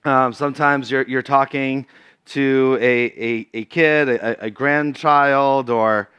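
A man's voice: mid-range voice, steady tone, slow, fairly bright tone, clear, resonant tone, dry recording. A man from Massachusetts giving a casual talk as a guest speaker at a church, chatty and full of fillers.

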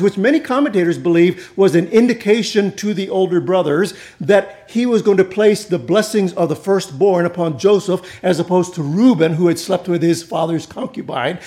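High-voiced preaching man. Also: mellow. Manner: conversational preaching with humor and audience asides. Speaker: pastor. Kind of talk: sermon.

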